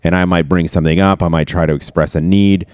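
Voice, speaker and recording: A man's voice: low-pitched, fairly even intonation, quick pace, a little mellow, clear, resonant tone, no echo, studio quality. A man talking candidly and ramblingly in a casual podcast chat, swearing now and then. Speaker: podcast host.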